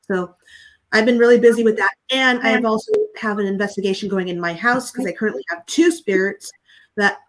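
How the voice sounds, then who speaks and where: A woman, a panel guest, chatty and hoarse from a cough. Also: medium pitch, fairly quick, rough recording. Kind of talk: casual panel chat.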